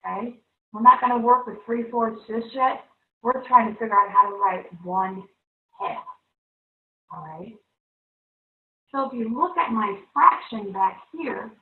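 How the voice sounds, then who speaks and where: A woman teaching a televised math lesson to young students, upbeat and coaxing, constantly checking in with the class. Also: fairly high pitch. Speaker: third-grade teacher. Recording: echoey room, far-off, thin phone-like sound.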